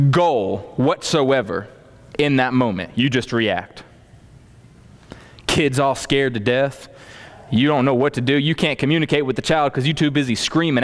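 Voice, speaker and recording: A man preaching a storytelling sermon to a congregation, animated, acting out scenes and adding folksy asides. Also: medium pitch. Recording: long hall reverb.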